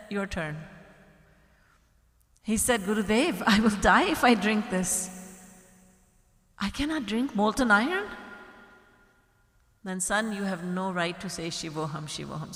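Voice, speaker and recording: A woman's voice: medium pitch, fairly bright tone. A woman giving a spiritual sermon, telling stories and acting out the voices of their characters with light laughs. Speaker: spiritual teacher. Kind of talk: sermon storytelling. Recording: echoey hall.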